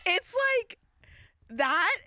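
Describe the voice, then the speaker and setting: A woman's voice: very high-pitched, sing-song, drawn-out words, heavy background noise. A young woman co-hosting a podcast in casual chat, gushing and laughing often. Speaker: podcast co-host.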